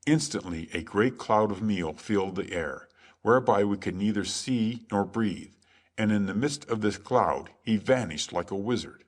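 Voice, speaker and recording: A man's voice: lowish voice, moderate pace, lightly acted. A man doing a rueful miller's son outlaw. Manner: rueful, archaic speech.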